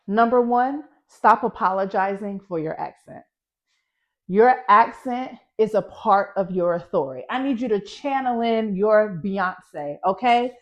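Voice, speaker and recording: A woman's voice: mid-range voice, a little slow. A Southern American woman in her thirties, a public speaking coach teaching energetically to camera, emphatic and folksy, repeating her key points. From Southern United States. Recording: muffled, lo-fi recording.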